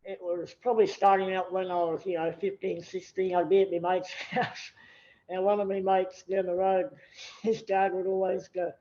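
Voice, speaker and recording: Man in his 30s, high voice, self-deprecating humour, on a dull lo-fi recording. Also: flat delivery, normal speed, a little mellow. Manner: joking, self-deprecating, laughs easily. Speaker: podcast guest, athlete. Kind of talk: casual interview chat.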